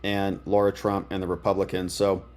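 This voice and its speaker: A man doing live political commentary, sarcastic and excitable as he reads news items aloud. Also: low-pitched, brisk, soft background music.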